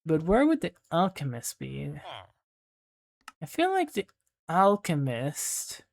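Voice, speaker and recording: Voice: medium pitch, wildly swooping pitch, a little slow, gravelly, darkish tone, no echo. A young adult gaming host rambling through casual gameplay commentary at a desk mic, filling with lots of "like" and poking fun at themself. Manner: rambling and self-deprecating, heavy use of "like".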